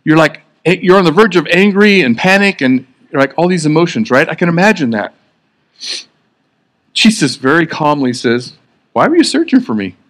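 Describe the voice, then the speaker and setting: A man preaching a sermon with a slightly higher voice than most men. He talks in an earnest, conversational way and often restarts his sentences as he works through his point. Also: moderate pace, fairly bright tone.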